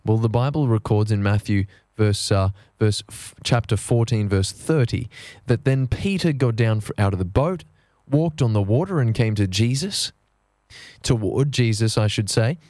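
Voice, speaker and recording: A man preaching a sermon in an earnest way, slowing down to stress key phrases. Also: fairly low pitch, expressive, darkish tone, no echo, studio quality.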